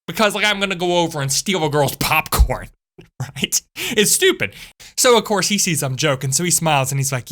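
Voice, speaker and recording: A woman telling a story from school in a chatty, animated way, with frequent asides to her viewers. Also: low-pitched, normal speed. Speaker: channel host. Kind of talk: storytime vlog.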